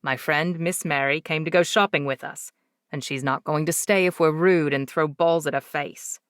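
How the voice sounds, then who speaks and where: Woman voicing a calm, gentle young dad. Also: sits low, moderate pace, no room sound, clean studio sound, close to an everyday voice. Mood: gently firm. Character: patient young single father, gentle but firm. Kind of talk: audiobook character voice.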